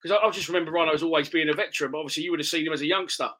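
A man's voice: a little high, steady tone, rapid-fire, sharp tone, slight background noise, rough recording. A man hosting a casual interview, asking eager questions. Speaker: podcast host.

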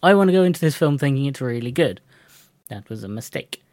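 A man's voice: mid-range voice, expressive, fast talker, darkish tone, no echo. Man, podcast co-host, casual chat, rambling, self-correcting, dry close sound. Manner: rambling, restarts sentences, laughs often.

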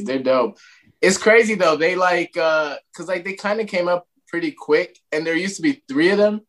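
A man's voice: mid-range voice, a bit bright. A man from Ireland with an American accent, a comedian guest in casual chat, rambling with many fillers and laughing easily.

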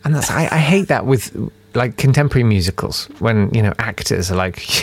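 A man's voice: on the low side, animated, fairly quick. A man hosting a podcast, chatting casually in a jokey, rambling way. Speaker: podcast host. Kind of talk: casual chat.

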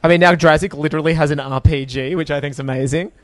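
A man's voice: a little high, steady tone, quick pace, no echo. A man chatting casually as he comments on a movie, wry and chatty. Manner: wry, chatty, laughs often.

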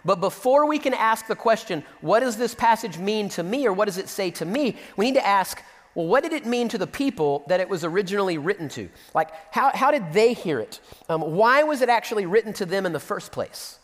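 Animated high-voiced preacher man in a hall. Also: a little fast. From Central Texas. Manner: animated preaching, reading scripture and acting out quotes. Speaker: pastor. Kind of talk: sermon.

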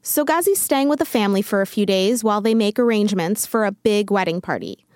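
A woman host giving scripted narration in a clear, even manner. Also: mid-range voice, fairly quick, no echo, clean studio sound.

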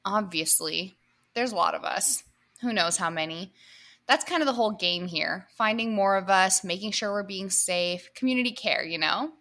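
A woman's voice: medium pitch, moderate pace, bright, forceful tone. A woman podcast co-host reading an erotic comedy story aloud to her co-hosts, breaking in with laughs and asides.

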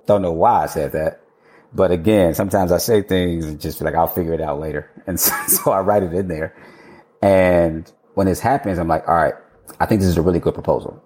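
A man, an architect guest on an interview show, telling his story in a lively, casual way, acting out his own past lines, laughing and swearing freely. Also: sits low, a little fast. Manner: animated, quotes himself, swears and laughs freely.

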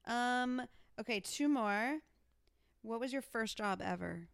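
A woman hosting a casual interview, teasing with quick playful interjections. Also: on the high side, creaky, clean tone, no echo, clean studio sound. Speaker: host.

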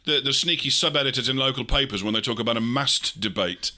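A man's voice: mid-range voice, quick pace, bright, forceful tone. A man co-hosting a podcast, throwing in wry quips in casual chat. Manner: wry, quipping. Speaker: podcast co-host.

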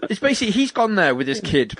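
A man in casual podcast chat, his voice sitting a little higher than most men's. He rambles and gets animated, acting out bits as he goes. The sound is dry and close to the mic. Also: fast talker, breathy edge, dry recording. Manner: rambling, animated retelling with put-on quotes. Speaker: podcast co-host.

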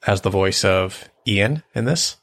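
A man co-hosting a podcast, joking and teasing in relaxed conversation about a cartoon. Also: on the low side, measured pace. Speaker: podcast co-host. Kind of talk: casual chat about a cartoon episode.

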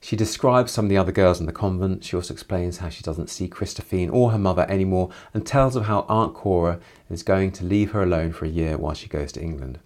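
A man's voice: low-pitched, fast talker, hardly any pauses, darkish tone. A man summarizing a novel chapter by chapter, adding reflective personal asides. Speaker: literature commentator.

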